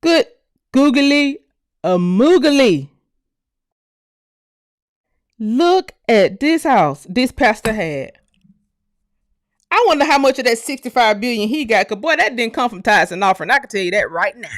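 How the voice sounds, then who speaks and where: High-voiced, outspoken woman reacting. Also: big pitch swings, brisk, fairly bright tone, dry recording, clean studio sound. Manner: exclaiming, laughing, loose and outspoken. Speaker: channel host. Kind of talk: casual reaction commentary.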